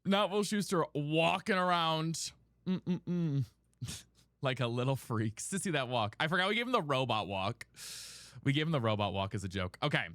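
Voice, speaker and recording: A man's voice: on the high side, lively intonation, normal speed, fairly bright tone, no echo, clean studio sound. A man streaming live from a room at home, chatting casually and ranting in exasperation to his viewers. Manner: chatty, exasperated rants to chat. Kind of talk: casual chat while gaming.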